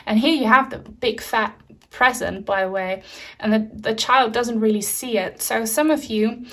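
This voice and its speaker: A woman doing a pick-a-card tarot reading, talking gently and earnestly, with soft fillers and frequent restarts. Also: on the high side, moderate pace. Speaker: tarot reader.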